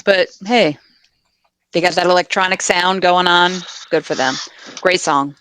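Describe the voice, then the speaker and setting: A woman's voice: on the low side, a little slow, fairly bright tone, smooth, no echo, poor audio. Dry-toned woman co-hosting a podcast. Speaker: podcast co-host. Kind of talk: casual chat.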